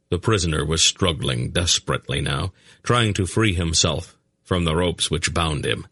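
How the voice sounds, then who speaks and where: Deep, husky audiobook narrator. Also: male voice, normal speed, few pauses, sharp tone, no echo. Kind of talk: scripted narration.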